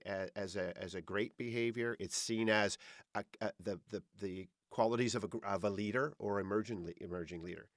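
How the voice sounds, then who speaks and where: Man, low voice, chatty rambling podcast host, dry sound. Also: a bit bright, no room sound. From Canada. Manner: chatty, rambling, many restarts. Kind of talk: podcast interview.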